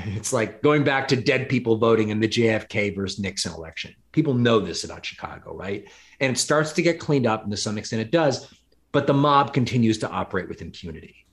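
A middle-aged man telling a crime story as an interview guest, with lots of restarts and fillers along the way. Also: medium pitch. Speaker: podcast guest, author of true crime reporting. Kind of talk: conversational interview. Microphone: podcast microphone.

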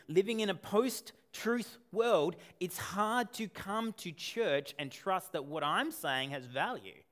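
A man preaching a sermon as a pastor, conversational and animated, with asides and rhetorical questions. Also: on the high side.

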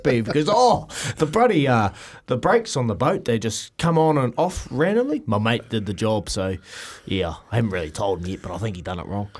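Lively New Zealand man telling a yarn. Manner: animated, laughing often, jumps pitch for quoted lines. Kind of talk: casual storytelling.

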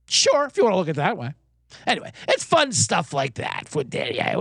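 A man's voice: high-pitched, brisk, vocal fry, husky, no echo, studio quality. A man hosting a sports betting podcast, rambling through stories in casual talk. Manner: rambling, animated storytelling with restarts.

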